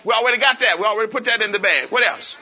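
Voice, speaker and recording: A man preaching an interactive sermon, coaxing answers from the congregation and repeating phrases in quick call-and-response bursts. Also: high-pitched, animated, bright, forceful tone, some chatter behind. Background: congregation voices and laughter.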